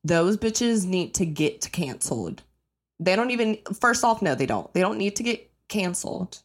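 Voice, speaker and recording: A young woman hosting her own podcast, ranting casually and bluntly with lots of swearing, jumping into high mock-outraged bursts. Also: moderate pace, slightly rough. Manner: blunt, profane, animated, breaks into high-pitched mock outrage. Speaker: podcast host. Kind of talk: casual solo rant.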